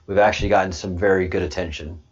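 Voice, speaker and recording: A man hosting a livestream and answering chat, halting with many restarts, then repeating points slowly and with emphasis. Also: low voice, fairly even intonation, breathy edge, muffled recording. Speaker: channel host.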